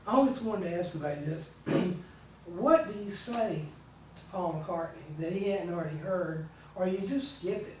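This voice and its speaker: A man interviewing a guest, asking curious, halting questions. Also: high-pitched, a little hiss or hum. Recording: distant mic in an echoey room.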